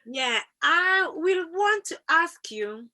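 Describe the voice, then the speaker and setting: A woman hosting an interview, listening attentively, affirming what she hears and asking gentle questions. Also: extremely high pitch, animated, takes it slowly. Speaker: interview host.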